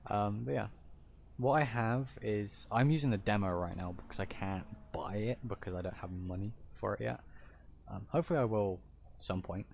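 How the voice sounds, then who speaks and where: Low-voiced man rambling to his stream. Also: normal speed, vocal fry, darkish tone, a little hiss or hum. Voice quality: deep-ish voice. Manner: rambling, hesitant explaining. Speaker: roleplay streamer. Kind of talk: casual chat to stream viewers.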